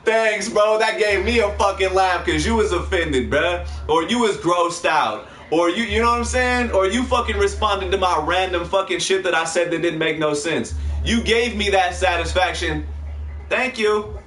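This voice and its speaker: A man with a high voice talks in a loose, slangy livestream chat, full of swearing and quick laughs. He has been drinking. The sound bounces around an echoey room. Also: a bit bright. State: drinking while talking. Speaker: livestream co-host. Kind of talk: casual chat.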